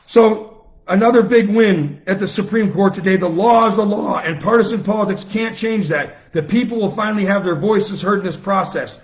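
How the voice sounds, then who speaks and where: A man on a self-recorded live stream, speaking in a raised, high-pitched register. He talks in heated bursts and repeats his key phrases for emphasis, so each point comes out sharp and indignant. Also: moderate pace. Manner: fiery, repetitive, emphatic outbursts. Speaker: political commentator on a live stream. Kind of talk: impassioned live-stream rant. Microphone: phone or webcam, self-recorded.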